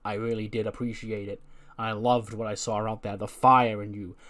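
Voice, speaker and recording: A man doing a calm persuasive wrestling leader. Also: on the low side, moderate pace, lightly acted.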